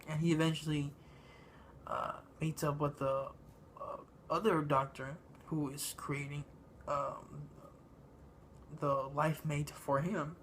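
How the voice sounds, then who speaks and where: A man giving a casual spoken movie review, halting and meandering, with lots of ums and uhs. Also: on the high side, flat delivery, fairly bright tone, slight background noise. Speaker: film reviewer.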